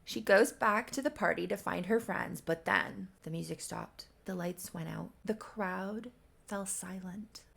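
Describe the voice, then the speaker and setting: A woman's voice: mid-range voice, measured pace, creaky, fairly bright tone, husky. A woman reading her own old story aloud in a casual, amused way, with wry asides. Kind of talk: casual riffing read-aloud.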